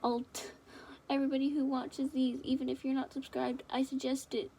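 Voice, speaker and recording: A woman's voice: sits high, flat delivery, normal speed, warm tone, slight background noise. A young woman rambling and giggling affectionately as she chats casually to her viewers at home. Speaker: fan video creator.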